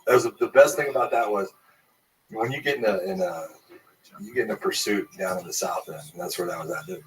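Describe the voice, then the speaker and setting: A man with a very deep voice speaks as a former police officer. He recalls past cases calmly and matter-of-factly, sitting well away from the microphone. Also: fast. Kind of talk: casual conversation. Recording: distant microphone.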